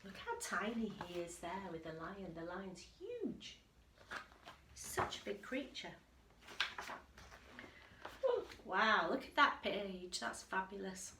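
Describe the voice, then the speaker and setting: A woman teacher reading a picture book aloud to children, expressive and unhurried, with chatty asides. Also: medium pitch, slight background noise. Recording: echoey room.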